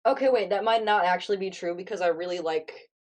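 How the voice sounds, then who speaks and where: A woman's voice: lowish voice, quick pace. A young woman co-hosting a casual podcast, teasing her partner in a dry, mock-formal way. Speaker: podcast co-host. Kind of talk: casual chat.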